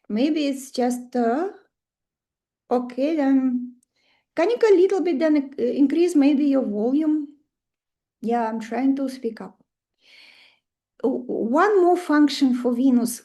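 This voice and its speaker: A woman's voice: sits high, warm tone. A woman with a Russian accent teaching an online astrology class. She talks in a chatty way and keeps asking the class questions.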